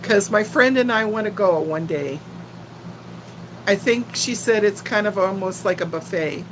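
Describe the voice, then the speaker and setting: A woman's voice: mid-range voice, a little slow, background noise. An older woman from Texas with a faint Texan accent, chatting casually and giggling with viewers on a livestream. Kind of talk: casual live chat.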